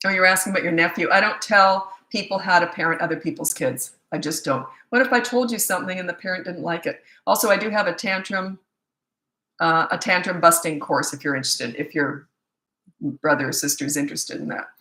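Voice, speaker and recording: An older woman, a parenting coach, answering viewer questions in a quick, chatty live-stream Q&A from a phone. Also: fairly low pitch, bright, forceful tone. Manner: fast-talking, chatty. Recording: echoey room.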